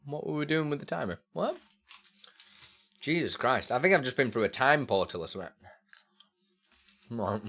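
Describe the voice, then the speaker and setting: A man's voice: medium pitch, expressive, normal speed, pauses often, fairly bright tone. A man streaming live, answering chat questions in a casual, rambling way with lots of fillers. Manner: rambling and easily sidetracked, with many fillers.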